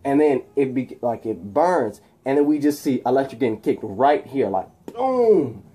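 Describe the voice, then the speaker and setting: A man casually retelling a movie fight scene, animated and shouting sound effects, with many fillers. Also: mid-range voice, moderate pace, breathy edge. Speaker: video host recapping a film.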